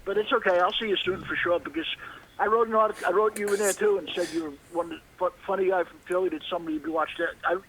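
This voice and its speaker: A male podcast guest chatting excitably, rambling and stumbling over his words. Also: high voice, very fast, rough recording. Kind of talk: casual podcast chat.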